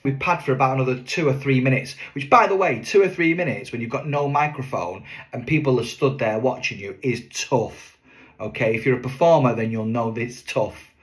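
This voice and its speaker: A man's voice: medium pitch, fairly quick. A man, a singing waiter, chatting to camera as he tells a story from a show. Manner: chatty, lively, with fillers and asides.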